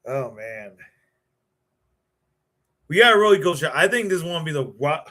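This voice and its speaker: A man's voice: on the high side, big pitch swings, moderate pace, pushed and bright. Pumped-up, stammering male live-show host. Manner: hyped, stammering, restarts and repeats words. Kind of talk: excited live-stream chat.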